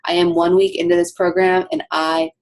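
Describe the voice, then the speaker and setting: A woman's voice: lowish voice, level tone, normal speed. A woman coaching her team on a casual call, chatty with lots of ums and asides.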